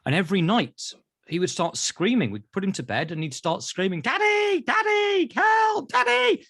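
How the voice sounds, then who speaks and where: British therapist guy, really animated, acts out voices, dry mic. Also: a little high, fairly quick, slightly rough, no echo. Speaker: therapist guest. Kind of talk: animated storytelling in interview.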